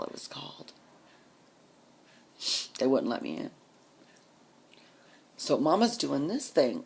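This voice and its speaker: A woman's voice: very deep voice, gravelly, slightly rough. A woman vlogger telling a personal story in a blunt, profane, vivid way.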